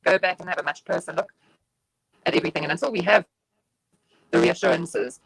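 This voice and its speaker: A woman doctor answering interview questions over a remote call, explaining in a measured way with frequent pauses and fillers. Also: lowish voice, creaky, breathy edge, no echo. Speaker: doctor guest.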